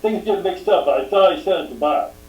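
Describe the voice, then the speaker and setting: A man's voice: high-pitched, lively intonation, fairly quick, a little mellow, highs cut off. A man on a town board speaking hesitantly at a meeting, with many uh's and restarts. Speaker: board member. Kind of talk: meeting remarks. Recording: echoey room, distant from the mic, faint hum.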